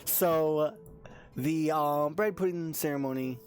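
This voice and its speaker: A man's voice: on the high side, measured pace, darkish tone, soft background music. Laid-back male game master. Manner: loose, filler-heavy narration. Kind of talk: narrating a tabletop game. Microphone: online voice call.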